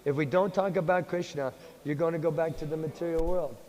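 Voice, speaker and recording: Male lecturer, lively storytelling, fairly high voice, long temple hall reverb. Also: a little fast. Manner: animated, playful storytelling, acts out voices. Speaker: monk lecturer. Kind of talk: sermon with storytelling.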